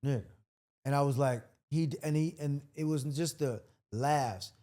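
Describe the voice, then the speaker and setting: Comedian guest, mellow warm male voice, animated storyteller, casual podcast talk. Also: fairly high pitch, unhurried. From Washington, D.C. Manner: storytelling, acts out quotes loudly.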